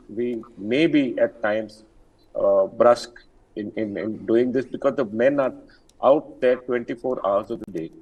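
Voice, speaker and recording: A man's voice: mid-range voice, darkish tone, lo-fi sound. An older man, an army general speaking as an interview guest, firm and emphatic with many fillers and restarts. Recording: distant from the mic.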